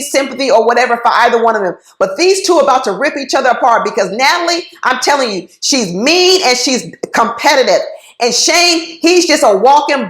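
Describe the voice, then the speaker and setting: Blunt high-voiced woman in a roomy space. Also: fairly bright tone. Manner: blunt, talks straight to the cast members; informal, folksy phrasing. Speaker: reality TV reviewer. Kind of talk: casual opinionated commentary. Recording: roomy echo.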